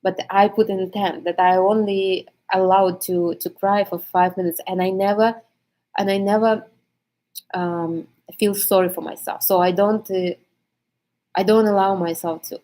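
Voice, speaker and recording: A woman coach talking in a casual monologue, reflective and reassuring, with many pauses and fillers. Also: medium pitch, fairly even intonation, mellow, poor audio. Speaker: energy coach.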